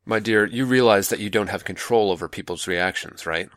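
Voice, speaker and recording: A man playing a manipulative older male mentor, calm, patronizing and coaxing, in a dry close recording. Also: on the low side, fairly quick, dry recording, natural voice.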